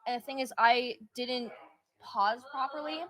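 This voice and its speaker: A woman's voice: fairly high pitch, measured pace, a crowd in the background. Giggly, rambling young woman guest. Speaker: stream guest. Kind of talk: casual group chat on a livestream.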